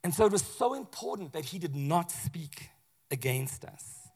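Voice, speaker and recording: A man, a pastor, preaching a sermon in a conversational, animated way with acted asides. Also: on the high side, normal speed, breathy edge.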